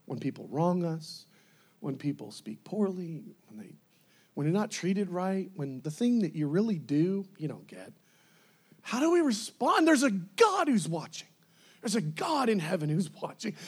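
Preacher guy, high voice, swings all over the place, acts stuff out and laughs a lot. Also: slightly rough. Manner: animated, laughing, acting out scenes. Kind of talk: sermon.

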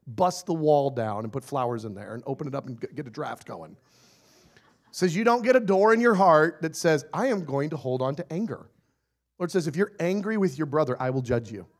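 A man's voice: on the high side, moderate pace. A man preaching a sermon with lots of energy and humor. He acts out short scenes in different voices and laughs often between his points. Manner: animated and playful, acting out little scenes, often laughing.

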